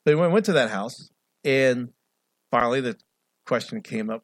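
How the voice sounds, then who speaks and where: A middle-aged male pastor preaching an animated sermon, swinging between loud, raised passages and quiet asides. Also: medium pitch, moderate pace, no room sound.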